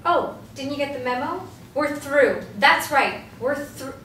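A sulky teenage girl read by a woman whines in a high voice. She sounds far from the mic in an echoey room. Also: unhurried, fairly bright tone, slight background noise.

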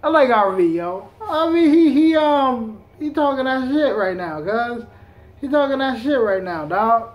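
A man's voice: very high-pitched, expressive, a little slow. A man hosting a reaction video, chatting casually in heavy street slang with a laid-back drawl.

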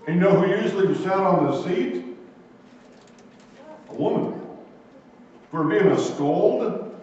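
A man's voice: sits high, a little hiss or hum. A man preaching a sermon in a folksy way, often asking his listeners questions. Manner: folksy, asks the congregation questions. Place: church sanctuary. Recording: echoey hall, distant mic, muffled.

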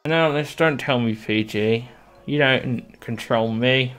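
He takes his time, speaking in a smooth, slightly bright mid-range voice while streaming a game. His casual commentary is sprinkled with sarcastic, crude jokes, and game music can be heard faintly in the background.

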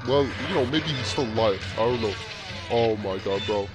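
A young man hosting a casual reaction video, excitable and constantly saying bro, with loud music behind him. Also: lowish voice, normal speed.

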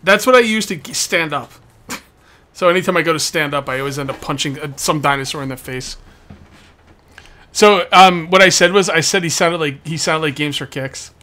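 During a multiplayer game session, a man who hosts a gameplay channel jokes with and teases his co-players. His voice is a little high, bright and forceful, at a moderate pace, with slight background noise.

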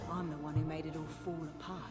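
A woman's voice: low-pitched, little pitch movement, fast talker, darkish tone, natural voice. A woman voicing a remorseful female creature explorer in a video game, speaking in an earnest, dramatic way. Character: guilt-ridden female creature explorer, self-sacrificing. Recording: long hall reverb, faint music.

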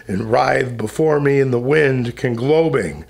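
A man voicing a tormented, jealous male spectre in a slow, brooding, pained delivery. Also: medium pitch, creaky, a little mellow.

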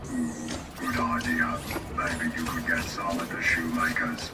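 A man voicing a weary male robot guard in a video game, talking in a flat, tired way. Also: a bass voice, a little slow. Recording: echoey, distant. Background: loud game music.

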